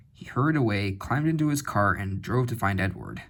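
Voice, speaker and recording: A man reading a children's railway storybook aloud in a measured, expressive way. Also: lowish voice.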